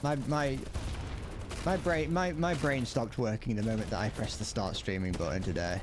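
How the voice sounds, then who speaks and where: Young man, casual rambling chat, mid pitch, faint gunfire behind. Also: moderate pace, background noise. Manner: rambling, joking, often laughing at himself. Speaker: streamer. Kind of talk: casual gameplay commentary. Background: gunfire and explosions from the game.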